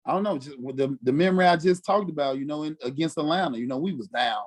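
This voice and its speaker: A former football player from Mississippi, telling stories casually and acting out quotes with lots of "you know what I'm saying". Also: male voice, fairly high pitch, fast talker. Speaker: former NFL fullback, podcast guest. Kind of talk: casual storytelling interview.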